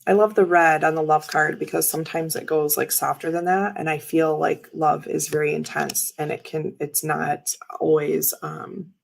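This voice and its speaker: A woman's voice: low-pitched, level tone, moderate pace, creaky, few pauses, low-quality recording. A woman in her thirties hosting a casual chat while showing tarot cards, talking in a rambling, chatty way with lots of fillers. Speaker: tarot reader and livestream host.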